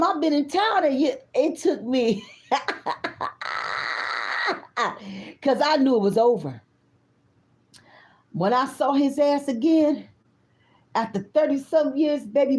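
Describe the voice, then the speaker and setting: Blunt, profane woman in her fifties, mellow voice. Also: a little high. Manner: blunt, profane, animated, talks straight to the viewers. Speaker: tarot reader. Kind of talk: casual personal storytelling.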